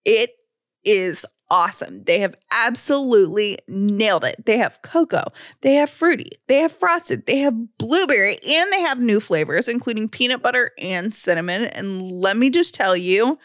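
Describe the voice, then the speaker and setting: A woman's voice: medium pitch, lively intonation, normal speed, a bit bright, dry recording, studio quality. Chatty enthusiastic woman podcast host. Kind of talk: casual chat and host-read ad.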